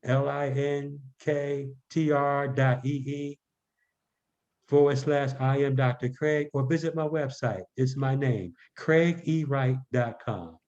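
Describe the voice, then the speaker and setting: A man from Baltimore talks as a guest on a podcast, measured and deliberate. His voice is mellow and dark, and the recording sounds dull and lo-fi. His pitch sits in the middle. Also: fairly even intonation. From Baltimore, Maryland. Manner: measured, spells out web addresses slowly. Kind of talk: podcast interview. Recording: dull lo-fi audio.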